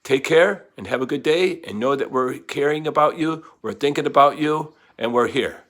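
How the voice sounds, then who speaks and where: A man's voice: medium pitch, moderate pace, a bit bright. A middle-aged man teaching a casual math lesson from home to his class, chatty and rambling with many fillers.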